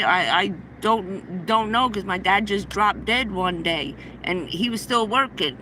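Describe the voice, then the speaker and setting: A middle-aged woman with a bright, clear voice spins a long story on her livestream, stumbling and restarting as she goes. A faint vehicle hum runs underneath. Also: medium pitch, measured pace, few pauses, poor audio. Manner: rambling, breathless anecdote with many restarts. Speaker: livestream host. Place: inside a vehicle.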